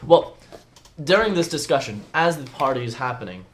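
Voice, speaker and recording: A man's voice: mid-range voice, big pitch swings, normal speed, slight background noise. A man running a tabletop game, narrating casually with fillers and answering players in character. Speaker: game master.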